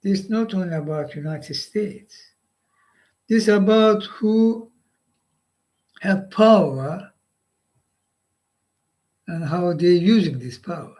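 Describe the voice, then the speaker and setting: Guy w high voice talking slow, choppy little phrases, keeps asking huh?. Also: a little mellow, poor audio. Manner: halting, short phrases with rhetorical "huh?". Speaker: live stream host. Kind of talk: political monologue.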